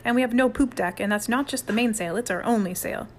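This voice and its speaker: A woman's voice: on the high side, fast, lightly acted. A woman voicing a tired, grumbling boy camper who frets easily. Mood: exasperated. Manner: whiny, grumbling.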